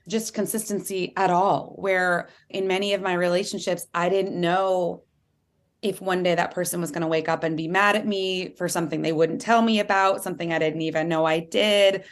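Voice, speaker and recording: Chatty animated woman, low-pitched. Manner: animated, chatty, many "like"s, playful voice impressions. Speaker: author and podcast guest. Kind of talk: candid interview conversation.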